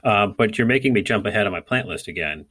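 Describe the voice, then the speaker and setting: A man's voice: on the low side, animated, fast, a bit bright, slightly rough. A man co-hosting a podcast, talking casually and rambling with many fillers and restarts. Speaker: podcast co-host. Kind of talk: casual gardening chat.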